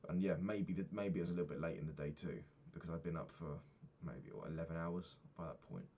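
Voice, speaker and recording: A young man, a personal trainer, candidly recapping his week and swearing freely, getting animated when retelling annoyances. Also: sits low, quick pace, breathy edge, dull audio. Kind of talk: casual vlog recap.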